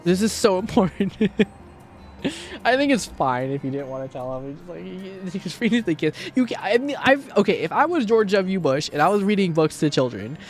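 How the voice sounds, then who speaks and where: A sarcastic male streamer rants casually, swearing freely and slipping into mocking voices for the people he quotes. His voice sits a bit high, and faint music plays behind him. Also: animated, a little fast. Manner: ranting, sarcastic, swears often.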